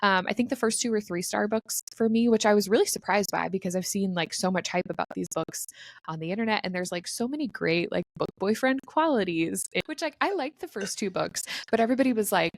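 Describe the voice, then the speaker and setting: A woman's voice: medium pitch, a little fast, dry recording. A woman co-hosting a book podcast, chatting casually with frequent fillers and laughs. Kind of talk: casual chat.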